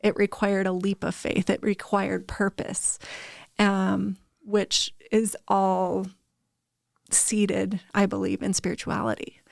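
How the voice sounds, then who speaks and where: Candid woman with a gravelly, flat voice. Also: medium pitch, takes it slowly, no echo, clean studio sound. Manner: candid storytelling, many restarts and fillers. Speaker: podcast co-host. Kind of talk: casual chat.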